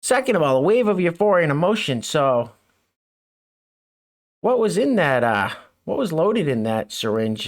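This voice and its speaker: A man's voice: a little high, very animated, moderate pace, pauses often. A middle-aged man hosting a mocking news commentary show, with sarcastic, chuckling asides. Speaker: show host.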